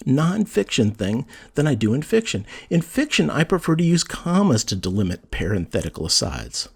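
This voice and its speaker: A man's voice: mid-range voice, breathy edge. A man giving a casual spoken lesson on writing, talking conversationally and reading example sentences aloud with emphasis. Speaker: writing teacher.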